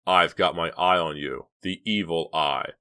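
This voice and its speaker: A man voicing a reckless teenage boy prankster in an audiobook, with slow, drawn-out, menacing delivery. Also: deep voice, pushed and bright, no room sound, studio quality, exaggerated voice. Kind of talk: audiobook character voice.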